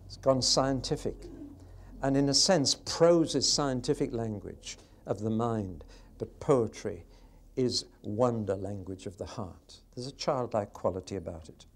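Expressive man teaching Scripture. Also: medium pitch, unhurried. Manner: expressive, varies pace, asks the audience questions. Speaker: Bible teacher. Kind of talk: sermon-style Bible teaching.

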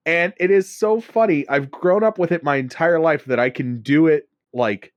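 A man's voice: on the high side, moderate pace, no echo, lo-fi sound. A man from Pennsylvania co-hosting a casual chat, rambling and often laughing between thoughts. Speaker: podcast co-host.

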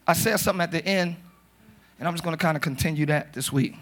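A man preaching a live sermon as pastor, talking to the congregation in a loose, joking way and breaking into loud shouts. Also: fairly high pitch, fast talker, faint music behind. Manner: conversational, jokey, bursts into shouts. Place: church sanctuary.

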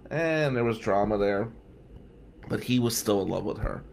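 A man's voice: lowish voice, lively intonation, normal speed, vocal fry, a little mellow, slight background noise. A man telling a long personal story in a casual, digressive way, with wry asides and some swearing.

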